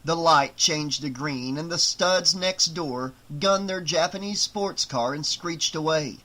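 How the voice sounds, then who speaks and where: A man narrating a horror novel as an audiobook in a slow, expressive reading. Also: a little high.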